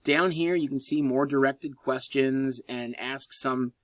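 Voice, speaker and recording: A man teaching a college English class in a recorded lecture, lively and chatty, with sarcastic joking asides. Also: medium pitch, measured pace, dry recording.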